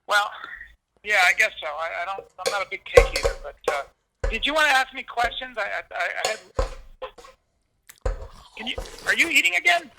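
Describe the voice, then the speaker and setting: A man's voice: sits high, big pitch swings, a little fast, creaky, pauses often, noisy background. A man in his forties speaking over the phone in an improvised comedy bit, flustered and exasperated, stammering as he restarts his sentences. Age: 40s. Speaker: comedian guest. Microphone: phone line.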